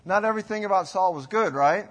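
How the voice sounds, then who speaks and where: A middle-aged man preaching a sermon in a folksy, rambling way, rising to loud bursts when he quotes. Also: sits high, fast talker.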